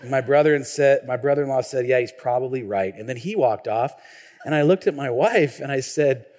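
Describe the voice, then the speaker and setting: A man's voice: mid-range voice, brisk. Chatty man preaching in a reverberant church. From Washington state, US. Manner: animated, conversational, frequent restarts and audience questions. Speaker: pastor. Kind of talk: sermon with personal storytelling. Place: church sanctuary. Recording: long reverb of a church hall.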